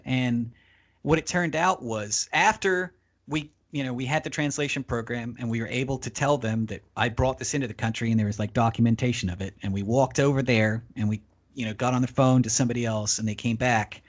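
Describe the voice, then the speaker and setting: A man's voice: medium pitch, brisk. Man telling a profane travel story. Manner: profane, animated anecdote-telling. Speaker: podcast guest. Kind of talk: casual storytelling.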